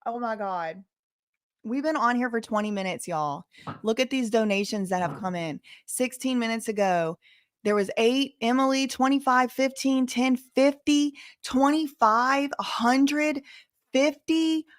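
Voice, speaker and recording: A young woman hosting a casual livestream, reading out donations in an excitable, gushing way and swinging between chatty and emotional. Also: fairly high pitch, measured pace. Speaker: livestream host.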